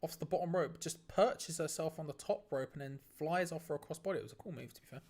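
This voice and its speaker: A man hosting a live stream, giving excitable play-by-play reactions to a match, laughing often and restarting his phrases. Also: a little high, fast. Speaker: watch-along stream host.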